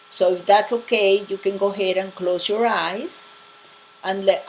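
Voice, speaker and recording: A woman spiritual coach gently guiding listeners through a meditation and affirmation, repeating words as she searches for them. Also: medium pitch, slight background noise, rough recording. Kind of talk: guided affirmation and meditation talk.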